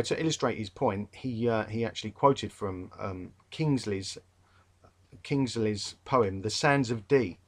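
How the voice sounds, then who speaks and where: Chatty London-accented male tutor. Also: on the low side. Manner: rambling, chatty, with many fillers and restarts; exasperated, emphatic about a pet peeve. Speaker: English literature tutor. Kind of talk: revision talk to students.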